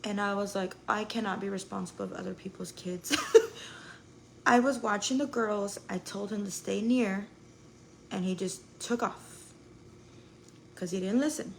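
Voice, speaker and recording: A woman's voice: mid-range voice, measured pace, gravelly, long pauses, a little hiss or hum, low-quality recording. A young woman telling a rambling story to her live viewers, full of "like" and swearing. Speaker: live streamer.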